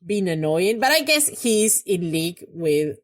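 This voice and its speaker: A young woman hosting a reaction video, talking back at the screen in casual commentary and getting loud when angry. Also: on the low side, sing-song, measured pace.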